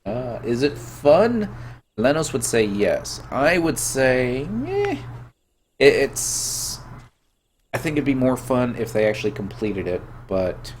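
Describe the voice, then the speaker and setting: A man's voice: medium pitch, lively intonation, unhurried, darkish tone, a little hiss or hum. A man with a head cold chatting casually and joking while he plays a game and answers viewers. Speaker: game streamer. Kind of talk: casual gameplay chat.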